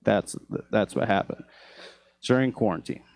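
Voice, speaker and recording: A young man doing a stand-up comedy set, telling loose rambling stories with lots of fillers, and his voice jumps high for exasperated quoted outbursts. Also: normal speed, vocal fry, darkish tone. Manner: loose, rambling storytelling with frequent fillers and restarts. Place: comedy club stage.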